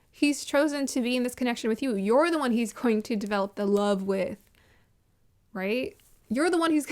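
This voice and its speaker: A woman vlogger giving casual, opinionated commentary on a reality show, emphatic and repeating her points, often laughing. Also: on the high side.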